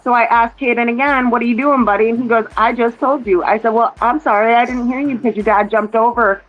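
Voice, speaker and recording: A woman's voice: on the high side, fairly even intonation, fast, muffled recording, faint music behind. A woman in casual chat, rambling through a family story and quoting what others said, heard over a phone. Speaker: mother chatting with a relative.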